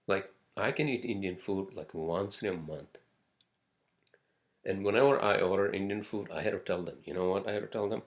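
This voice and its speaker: A man's voice: low voice, normal speed, creaky. A man hosting a casual solo podcast, rambling from topic to topic with frequent swearing and fillers. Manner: rambling, profane, many fillers and asides. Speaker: podcast host.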